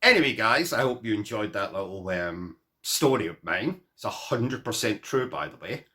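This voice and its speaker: A man's voice: lowish voice, animated, normal speed, pushed and bright. A man vlogging, telling a comic personal story to camera in a rambling, self-mocking way full of asides.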